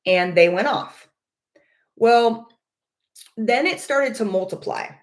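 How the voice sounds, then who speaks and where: A woman's voice: on the high side, lively intonation, slow pace. A woman casually telling viewers about a personal experience. She speaks earnestly, searches for words and repeats phrases as she goes. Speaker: vlogger.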